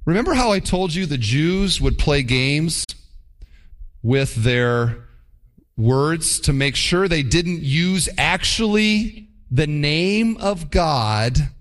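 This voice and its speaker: Male pastor preaching, lively swooping delivery, slightly raised voice, emphatic. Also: on the high side, slow pace. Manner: animated, emphatic preaching with mock quotes. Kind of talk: sermon.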